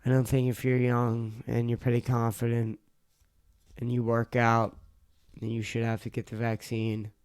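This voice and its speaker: A man's voice: fairly low pitch, darkish tone, smooth, dry recording. A young man hosting a solo podcast, rambling and swearing in an exasperated rant, a bit tipsy, with a sore throat. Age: young adult. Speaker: podcast host.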